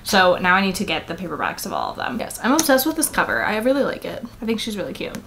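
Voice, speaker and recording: A woman's voice: mid-range voice, huge pitch swings, fast, vocal fry, noisy background. Sleepy rambling young woman vlogging. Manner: rambling, filler-heavy, laughs often. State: tired from little sleep. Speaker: book vlogger. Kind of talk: casual chatty vlog. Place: apartment at home.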